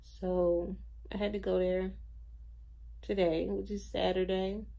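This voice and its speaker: A woman's voice: mid-range voice, flat delivery, takes it slowly, vocal fry, warm tone. A tired, drained young woman rambling through a personal video diary at home, full of fillers. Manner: rambling, filler-heavy storytelling. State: tired, low energy. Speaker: vlogger. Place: at home, indoors.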